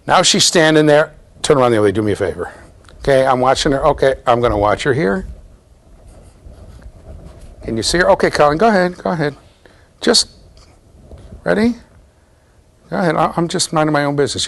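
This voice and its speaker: A middle-aged man lecturing a large university class, playful and animated, talking straight to his students as he runs a live demonstration. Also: a little high.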